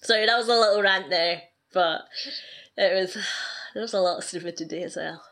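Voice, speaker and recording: A woman's voice: fairly low pitch, normal speed, a bit bright. Ranting, amused woman gamer. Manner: ranting, amused, laughs often. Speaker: gaming clan leader. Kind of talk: casual chat.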